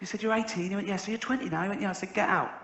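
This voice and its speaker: A middle-aged English man doing a stand-up set, telling stories deadpan and then jumping into high shrieks to act out other people. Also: racing, lo-fi sound. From England. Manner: deadpan storytelling that bursts into high shrieks when acting out others. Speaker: stand-up comedian. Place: large theatre stage before a laughing audience. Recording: roomy hall with audience noise. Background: audience laughter.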